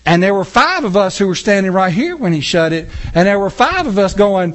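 A man's voice: sits high, very animated, brisk, few pauses. A man preaching a sermon as pastor in his church, impassioned and talking back and forth with his congregation.

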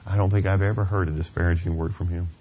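A middle-aged man preaching a sermon in a church, earnest and confessional, asking "Amen?" of the congregation and dropping to a hushed near-whisper at tender moments. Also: deep voice, fairly even intonation, fast, a little hiss or hum. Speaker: pastor.

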